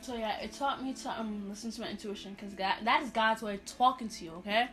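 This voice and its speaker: A woman from Haiti co-hosts a casual podcast chat. Her voice sits a little high, and she laughs easily, talking as she eats. Faint music plays behind her. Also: fast, a bit bright. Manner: laughs often, talks while eating. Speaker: podcast co-host.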